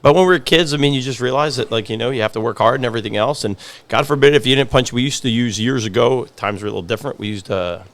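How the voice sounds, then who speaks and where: A man's voice: medium pitch, rapid-fire, fairly bright tone. A man in his forties, a podcast guest and pizzeria owner, telling stories in casual chat, repeating phrases for emphasis. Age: 40s.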